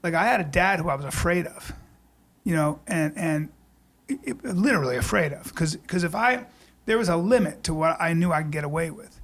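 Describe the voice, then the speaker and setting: A man with a high, raspy voice and a gravelly edge hosts a casual podcast chat. He talks in a rambling, animated way and swears freely. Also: a little fast. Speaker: podcast host. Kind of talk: casual conversation.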